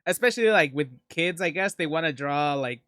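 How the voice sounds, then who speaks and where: High-voiced, laid-back man. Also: expressive, fairly quick, smooth, no echo, studio quality. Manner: laid-back, trails off into soft mumbles, laughs a lot. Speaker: podcast co-host. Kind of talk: casual chat.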